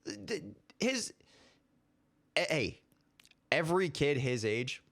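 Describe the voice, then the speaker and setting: A man's voice: a little high, big pitch swings, takes it slowly, vocal fry, a bit bright. A man in his twenties hosting his own commentary show, ranting heatedly and repeating himself. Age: 20s. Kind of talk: casual opinion commentary.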